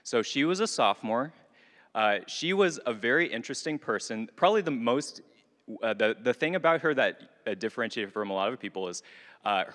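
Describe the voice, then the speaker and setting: A young man giving a talk at a retreat, telling a story with self-mocking humor and lively energy. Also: lowish voice. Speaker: retreat speaker. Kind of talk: casual talk to a group. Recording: long reverb of a hall.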